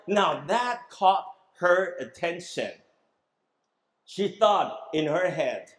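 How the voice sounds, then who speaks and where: A man's voice: high-pitched, lively intonation, extremely slow, a bit bright, reverberant, poor audio. A man preaching a sermon as pastor, emphatic, asking the congregation questions and having them repeat words after him.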